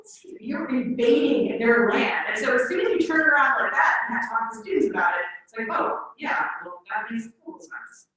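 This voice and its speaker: High, bright woman teacher presenting. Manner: animated, acts out quoted voices. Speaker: Latin teacher presenting at a conference. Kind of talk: conference presentation. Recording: echoey room, far from the mic.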